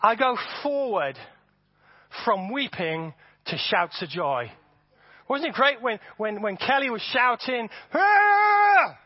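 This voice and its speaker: A man preaching a sermon to his congregation, animated and often repeating words as he builds his points. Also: sits high, measured pace, no room sound. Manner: animated, repeats words, acts out voices for effect. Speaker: pastor. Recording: dull, dry sound.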